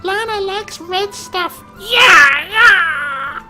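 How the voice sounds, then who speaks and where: A man voicing a giddy, odd woman who repeats herself in a squeaky high voice. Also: animated, extremely slow, bright, forceful tone, faint music behind, full character voice. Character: giddy odd woman fond of red stuff.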